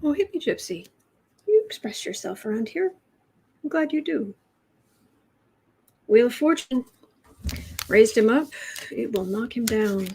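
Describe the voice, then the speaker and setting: In a Chicago accent, a woman from Chicago, USA, runs a live tarot reading from a home room with adjustable lighting, taking chat questions with chatty wryness and frequent trail-offs and restarts. Her voice is on the high side, mellow and slightly rough, with lively intonation, a little slow, with long pauses.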